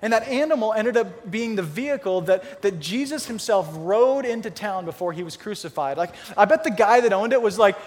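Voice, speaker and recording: A man with a notably high voice preaches a sermon in a relaxed, storytelling way and acts out the characters as he goes. His voice rings out with a long reverb, as if in a big hall. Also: fairly quick, hardly any pauses. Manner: conversational storytelling, acting out Bible characters. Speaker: pastor.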